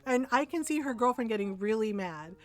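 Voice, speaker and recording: A woman's voice: on the high side, fairly quick. Streamer lady telling a story, keeps saying right?, lots of laughs, bit of music in the back. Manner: animated storyteller, tags lines with "right?", laughs often. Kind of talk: casual storytelling while streaming a game.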